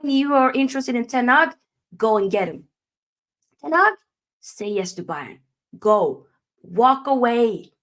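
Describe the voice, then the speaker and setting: Hosting a football channel's live match reaction, a young adult woman with a medium-pitched, fairly bright voice rants with emphasis, posing rhetorical questions and then answering them herself.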